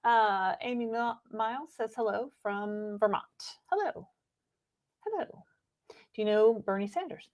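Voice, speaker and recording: A woman co-hosting a casual livestream, animated and teasing. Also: mid-range voice, normal speed. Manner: animated, laughs easily, teasing. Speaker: co-host.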